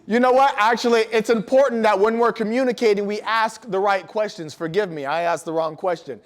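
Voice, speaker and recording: High-voiced man giving a lively motivational talk. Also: a little fast. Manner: energetic storytelling, asks the audience questions. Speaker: motivational speaker. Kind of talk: motivational talk to school staff. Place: large room before an audience.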